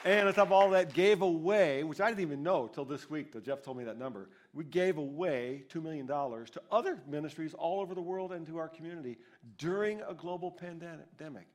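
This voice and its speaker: A man's voice: on the high side, a little fast. A man preaching a sermon as pastor at a church service, in a conversational, storytelling way.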